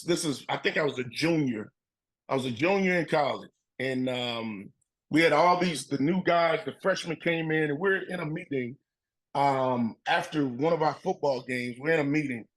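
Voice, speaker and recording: A middle-aged man with a husky, slightly breathy voice that sits a little high for a man. He tells his stories in a casual, animated way, jumping into his old coaches' voices as he goes. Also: rough recording. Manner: animated storyteller, acts out coaches' voices, laughs often. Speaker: former football player, guest. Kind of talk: casual storytelling interview.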